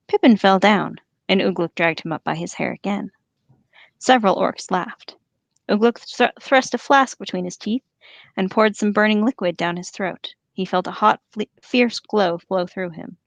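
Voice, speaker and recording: A woman reads a long story aloud for her podcast, steady and engaged. Her voice has a gravelly fry at the edges, and the sound is dry and close with no room echo. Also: mid-range voice. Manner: animated, laughs easily. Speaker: podcast host and reader. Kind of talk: reading a novel aloud with commentary.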